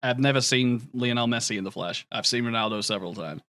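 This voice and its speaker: A man's voice: mid-range voice, fast, bright, forceful tone, no room sound. Young male streamer, mid-range voice, loose sweary banter, dry close sound. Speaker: game streamer. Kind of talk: casual gameplay commentary, chatting with viewers.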